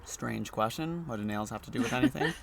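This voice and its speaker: A man voicing a calm, skeptical male doctor in a video game, asking questions in a dry, measured way. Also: mid-range voice, vocal fry, a little hiss or hum, lightly acted. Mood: wary.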